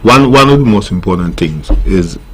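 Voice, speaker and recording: Brief: middle-aged Nevisian man, very low voice, earnest and firm, faint hiss behind. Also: expressive, normal speed, fairly bright tone. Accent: Nevisian Caribbean English. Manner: earnest, firm when listing rules. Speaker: steel pan tutor. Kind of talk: casual interview answers. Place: radio studio.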